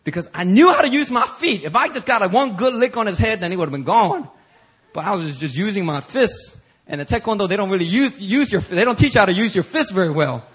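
A man pastor preaching a sermon through an animated story, acting out voices and bursting into shouts. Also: high-pitched, quick pace, slightly rough.

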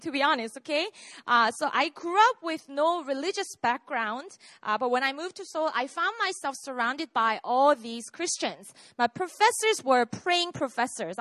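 With a high, bright, forceful voice and no echo, a woman in her 30s from South Korea preaches about her own faith through personal testimony. Her manner is conversational, punctuated by frequent "right?" and "okay?" as she checks in with listeners.

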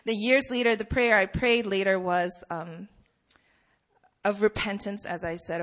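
With a mid-range, steady, fairly bright voice at a measured pace, a Polish woman in her twenties leads an opening prayer before talking informally to her campus fellowship group. She's a student and laughs frequently.

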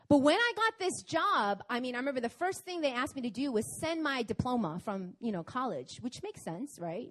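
Animated young woman telling her story. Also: high voice. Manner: animated, chatty storytelling with laughs and acted-out quotes. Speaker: speaker at a prayer meeting. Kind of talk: sermon with personal storytelling. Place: church meeting hall in Korea.

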